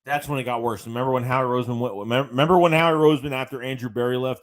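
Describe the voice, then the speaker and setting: A man's voice: medium pitch, fast, hardly any pauses. A man hosting a late-night sports livestream, ranting about his team and reading viewer chats aloud in a casual way. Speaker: livestream host.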